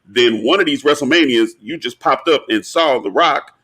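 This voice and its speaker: A man co-hosting a casual pop-culture podcast, explaining his points at length in an animated, slangy way. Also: mid-range voice, moderate pace. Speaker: podcast co-host.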